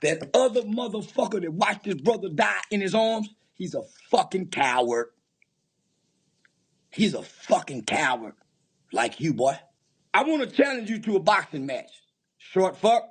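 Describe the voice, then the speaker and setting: A man's voice: high voice, big pitch swings, measured pace, husky. A man giving an angry, profane rant of commentary, taunting and insulting his target.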